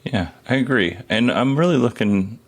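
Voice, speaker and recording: A man's voice: medium pitch, animated, normal speed. A man hosting a podcast, asking questions in a casual, rambling, conversational way. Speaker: podcast host.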